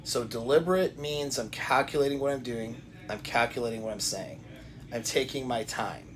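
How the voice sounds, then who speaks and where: A man of middle pitch talks straight to the listener in a coaching monologue. He is deliberate, circles back and repeats his points, and restarts his sentences often. A faint hiss sits under the recording. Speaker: self-help coach. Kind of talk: direct-to-camera advice talk.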